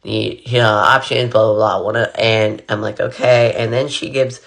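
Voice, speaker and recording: A man's voice: lowish voice, steady tone, normal speed, gravelly, a bit bright. A young man casually telling a personal story while getting ready, rambling with lots of fillers and repeated "blah, blah.". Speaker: vlogger.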